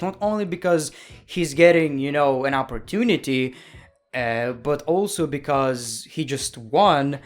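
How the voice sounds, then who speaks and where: A man giving a casual, opinionated review of a wrestling show, chatty, with lots of fillers and self-corrections. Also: on the high side.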